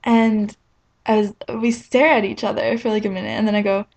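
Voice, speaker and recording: A woman's voice: mid-range voice, steady tone, a little fast, darkish tone. A young woman telling a rambling, self-mocking story in a casual vlog, filling it with "like.". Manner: chatty and rambling, heavy on "like". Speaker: vlogger.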